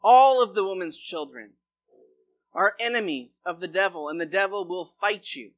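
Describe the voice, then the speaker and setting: A man's voice: high voice, pushed and bright. A man preaching a sermon as pastor, reading a long scripture passage aloud before explaining it.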